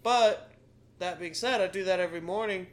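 Casting: male podcast co-host, high voice, quick teasing reactions. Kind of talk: crude casual chat.

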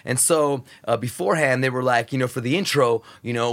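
A satellite radio host appears as a podcast guest, talking in a mid-range voice at a brisk clip with few pauses. He tells stories casually and profanely in an interview, animatedly acting out the voices of crowds and crews.

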